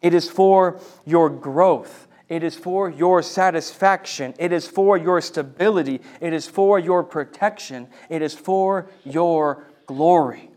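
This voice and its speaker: A man preaching a sermon, speaking in slow, emphatic phrases and repeating lines for weight. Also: a little high, a little mellow. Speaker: pastor.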